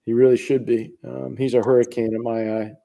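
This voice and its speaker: Older man with a mellow voice. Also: mid-range voice, level tone, creaky, dull audio. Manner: rambling, halting restarts, musing. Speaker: podcast co-host, hockey analyst. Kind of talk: casual hockey podcast chat.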